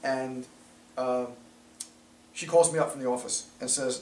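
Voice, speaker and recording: A middle-aged man, a chiropractor telling a story to a small group in an animated, chatty way. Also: medium pitch, a little slow, slight background noise. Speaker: chiropractor giving a new patient talk. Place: small office talk room. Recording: echoey room, from a distance.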